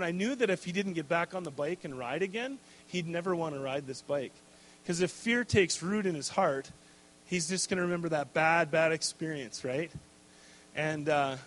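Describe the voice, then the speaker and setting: A middle-aged man and pastor preaching a sermon, telling a personal story in an animated, casual way with many fillers. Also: high voice, slight background noise.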